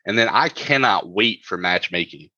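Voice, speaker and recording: A man's voice: lowish voice, animated, normal speed, bright, forceful tone, no room sound, highs cut off. A man hosting a casual podcast over a video call, joking and laughing often as he talks. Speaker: podcast host.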